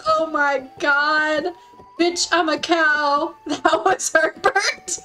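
A woman streaming a game, chatting casually and excitedly, giggling often and cooing softly at her in-game horse. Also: high voice, extremely slow, poor audio. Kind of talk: casual gameplay commentary.

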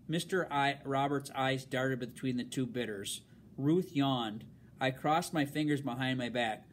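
A man reading a novel aloud in a halting way, stumbling over words and filling pauses with um and uh. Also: medium pitch, a little hiss or hum. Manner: halting, with fillers and restarts. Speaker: reader.

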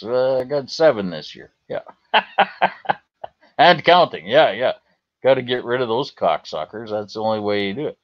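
Canadian man, livestream host, unhurried profane chat, mid-pitched voice. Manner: profane, rambling, reading and answering chat. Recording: slightly dull lo-fi stream audio.

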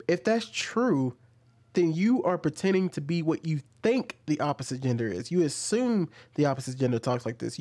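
A man's voice: mid-range voice, darkish tone. A man in the middle of his range talks back at clips he's reacting to. His tone is argumentative, and it climbs into heated, emphatic ranting as he presses his case. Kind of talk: reaction video commentary.

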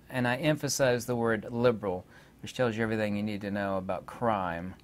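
A man hosting his own channel, talking in a rambling, indignant way and pausing on many filler words. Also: fairly low pitch. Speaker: channel host. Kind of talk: rambling casual monologue.

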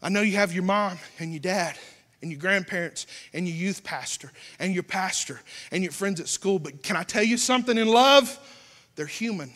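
A young man with a Southern American accent preaching a sermon with passion, going from shouts down to a hushed near-whisper. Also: high voice, normal speed. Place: church. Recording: long church hall reverb.

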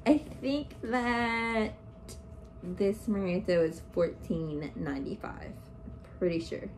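A plant vlogger with a fairly low, slow voice chats casually to her viewers while unboxing in her living room, gushing and exclaiming throughout. The recording is noisy, with packaging crinkling in the background.

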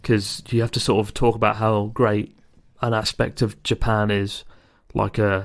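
Lowish-voiced Englishman, rambling and wry. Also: little pitch movement, measured pace, gravelly. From England. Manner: rambling, self-mocking storyteller. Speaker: guest. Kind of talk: casual podcast chat.

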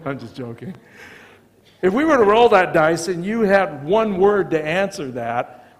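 American male preacher, fairly high voice, lively storyteller, long church reverb. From United States. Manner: animated storytelling, acts out dialogue. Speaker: visiting pastor. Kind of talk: sermon. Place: church sanctuary.

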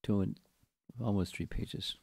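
An older man giving a scripture class, reading a long commentary slowly and deliberately and explaining it to his listeners. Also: sits low, vocal fry, a little mellow, dry recording. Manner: slow, deliberate reading with chanted verse recitation.

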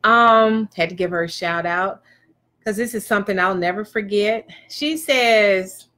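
A woman's voice: medium pitch, unhurried, fairly bright tone. A woman giving a motivational talk, emphatic and preachy, pressing her points with rhetorical questions. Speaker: motivational speaker.

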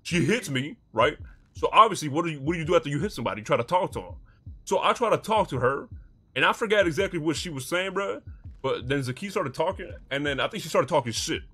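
A man's voice: on the high side, expressive, quick pace, fairly bright tone, husky. A man streaming a gang roleplay, arguing in profane street slang and defending himself. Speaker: streamer playing a gang member. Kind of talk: in-character roleplay argument.

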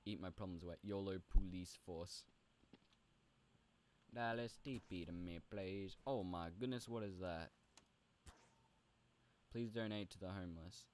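A young man with a low voice chats casually through a game session. He is playful and rambling, and often jumps into high, goofy squeaks. The delivery stays loose and conversational. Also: a little slow, pauses often, a little mellow, a little hiss or hum. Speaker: gaming video host. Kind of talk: casual role-play commentary.

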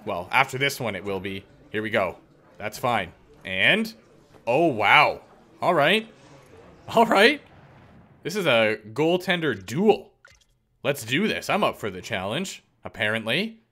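A man giving joking, excitable play-by-play of his own video game, breaking into loud outbursts and teasing the opponents. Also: mid-range voice, unhurried. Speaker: gaming YouTuber. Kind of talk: let's-play commentary.

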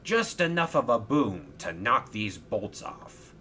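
A man doing a gruff pirate-talking sailor. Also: mid-range voice, very animated, slow, bright, forceful tone, a little hiss or hum, heavily acted. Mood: sly. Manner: pirate slang, stern growling.

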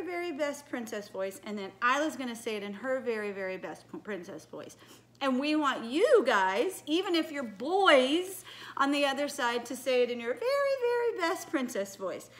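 High-voiced woman teaching children. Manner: animated, coaxing, asks children questions. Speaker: children's ministry leader. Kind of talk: children's message, storytelling and asking questions.

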